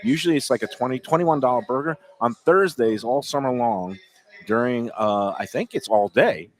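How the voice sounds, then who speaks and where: A man's voice: mid-range voice, normal speed. Chatty man with a New York accent. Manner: chatty, reads out deals and details. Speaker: show host. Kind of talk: casual radio-style food chat.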